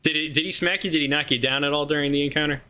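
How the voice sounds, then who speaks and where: A man hosting a casual podcast, excitable and quick to jump into high shouts. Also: a little hiss or hum. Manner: excitable, breaks into high-pitched shouts when thrilled. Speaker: podcast host.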